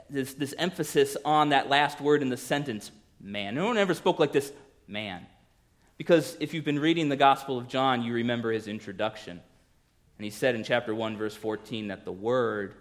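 A man preaching a sermon, animated, dropping to hushed tones for emphasis and acting out quoted voices. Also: medium pitch. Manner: animated, swings between loud emphasis and hushed lines. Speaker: pastor.

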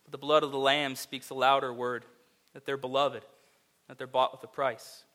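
A man preaching a sermon, telling a vivid second-person story that rises to loud, emphatic peaks. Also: medium pitch, little pitch movement, moderate pace. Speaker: pastor.

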